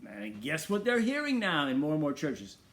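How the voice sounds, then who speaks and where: High-pitched man preaching emphatically. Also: huge pitch swings, normal speed, a bit bright. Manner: emphatic, rhetorical questions, repeats phrases. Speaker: radio show host. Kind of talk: preaching monologue.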